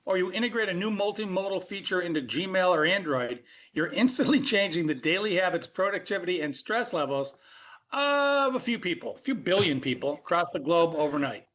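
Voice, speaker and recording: A man's voice: high voice, lively intonation, fairly quick, a bit bright. A man co-hosting a casual tech podcast, thinking aloud and joking as he goes. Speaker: co-host.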